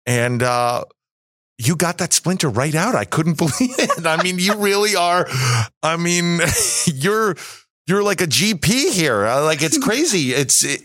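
A man's voice: fairly high pitch, very animated, unhurried, fairly bright tone, dry recording. Rambling self-mocking man, dry close sound. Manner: rambling, self-mocking, many fillers and restarts. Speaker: podcast guest. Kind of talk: casual chat.

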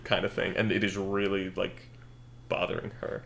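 A young man co-hosting a podcast, thinking a story out loud in casual chat with lots of fillers and self-corrections. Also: fairly low pitch, normal speed, vocal fry. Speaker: podcast co-host.

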